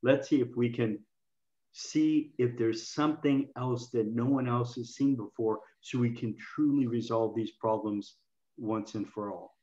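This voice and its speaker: A man speaking as a guest in an interview, explaining communication to health practitioners in an animated way and acting out quoted lines. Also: mid-range voice, unhurried, roomy sound, muffled recording. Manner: animated, acts out patients and himself in quoted lines. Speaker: health coaching expert guest.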